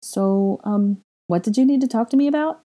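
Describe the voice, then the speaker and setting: A flustered young witch who talks in an awkward, apologetic way, as a woman reads her. Her voice is mellow and sits a bit above the narration. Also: fairly high pitch, normal speed, voice pushed up, close to an everyday voice.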